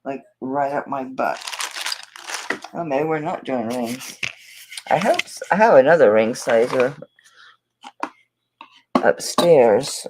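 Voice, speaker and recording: This woman from Tampa, Florida, USA has a Southern US accent and an extremely low, animated voice, speaking at a slow pace with frequent pauses over background noise. She's hosting a live jewelry sale, chatting casually in live-stream selling style while she rambles and talks to herself as she searches her table.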